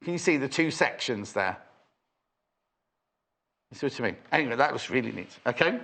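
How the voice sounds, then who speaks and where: Chatty, lively-voiced male TV host. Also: mid-range voice, normal speed, creaky. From Northwest England. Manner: chatty, teasing, reads viewer messages aloud. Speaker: TV shopping show host. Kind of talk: live studio chat.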